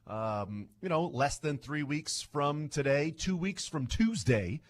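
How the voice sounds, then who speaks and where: A man's voice: a little high, lively intonation, takes it slowly. A man hosting a sports radio show, chatty and playful as he jokes with his co-hosts. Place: radio studio.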